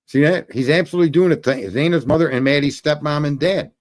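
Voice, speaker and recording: A man's voice: fairly high pitch, quick pace. A man hosting a livestream, ranting profanely and scolding his chat commenters in casual commentary. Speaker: livestream host.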